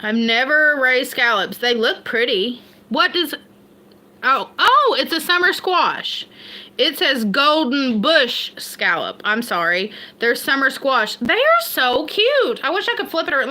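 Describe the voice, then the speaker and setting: A woman's voice: fairly high pitch, lively intonation, normal speed, bright, forceful tone. A woman from Kentucky with an Appalachian accent, chatting casually and rambling on a livestream, laughing at herself. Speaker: homestead livestream host.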